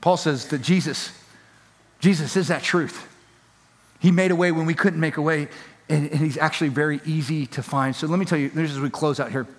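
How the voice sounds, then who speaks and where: A man preaches a sermon in a high, lifted voice, pressing his points with emphatic repetition. His voice rings with the long reverb of a big hall. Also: steady tone, brisk. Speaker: pastor.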